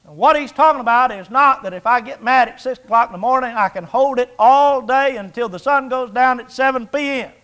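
Older guy preaching, really high voice, chatty and folksy, asks the crowd questions. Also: fairly quick, few pauses, bright, forceful tone. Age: 60s. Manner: folksy, conversational, jokes and rhetorical questions. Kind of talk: sermon.

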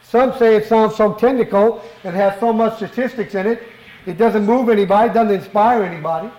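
A man's voice: high-pitched, fairly quick, roomy sound, lo-fi sound. A middle-aged man preaching a sermon in a church, fervent and emphatic, often asking the congregation rhetorical questions. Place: church worship hall.

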